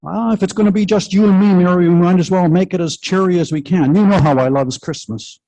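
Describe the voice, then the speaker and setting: Man voicing an older husband, cheery and excitable, high pitched, mellow tone, live story reading. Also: brisk, low-quality recording. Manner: folksy dialect, exclaiming.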